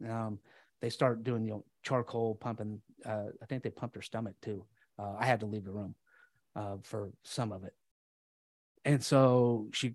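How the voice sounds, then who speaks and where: A man's voice: mid-range voice, dry recording. Candid man telling a hard story. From United States. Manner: halting, many fillers and restarts, swears. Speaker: podcast guest telling his story.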